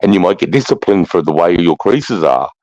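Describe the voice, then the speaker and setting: A middle-aged Australian man with a very deep voice, talking casually and swearing freely. He calls everyone mate. The sound is dry and dull, like lo-fi stream audio. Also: animated, brisk, a little mellow, no echo. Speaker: livestream host. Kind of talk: casual chat.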